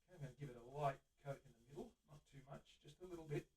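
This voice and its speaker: Picked up from away from the microphone, a middle-aged man with an Australian accent talks in a fairly high, slightly mellow voice at a racing speed. He is a luthier hosting a live stream from his guitar workshop, eagerly chatting with viewers as he works.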